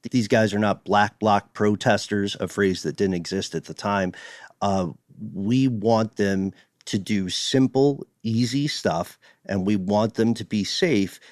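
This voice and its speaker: A man co-hosting a podcast in casual chat, animated and quick to laugh, often reading quotes aloud. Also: fairly low pitch, no room sound. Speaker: podcast co-host. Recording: dry close studio sound.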